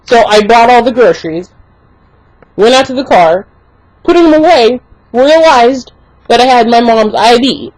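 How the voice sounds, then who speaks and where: Young woman ranting, high voice. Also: unhurried, long pauses, no room sound, rough recording. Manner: exasperated, animated, lots of "like" fillers. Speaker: vlogger. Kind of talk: casual ranting story to camera.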